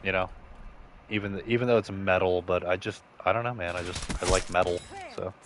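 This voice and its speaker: A man's voice: deep voice, steady tone, brisk, noisy background. A young man in casual gaming commentary, rambling and swearing as he jokes to himself. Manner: rambling, profane, joking to himself. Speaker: streamer.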